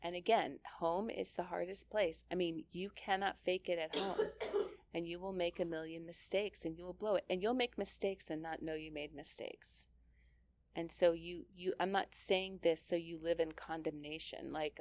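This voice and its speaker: Earnest low-voiced woman with gravelly edge. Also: steady tone, measured pace, no echo. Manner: earnest and conversational, laughing lightly, with frequent restarts. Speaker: speaker teaching mothers. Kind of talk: Christian teaching talk.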